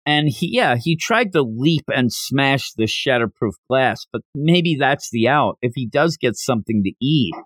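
A man's voice: mid-range voice, animated, unhurried, hardly any pauses, a bit bright, no room sound. A man hosting a manga review podcast, chatting casually as he recaps the plot with wry jokes. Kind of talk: casual solo review chat.

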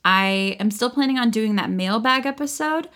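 A female podcast host with a fairly high, slightly bright voice and lively intonation talks at a moderate pace. She chats casually from the floor of a child's bedroom, laughing a lot and cursing without holding back.

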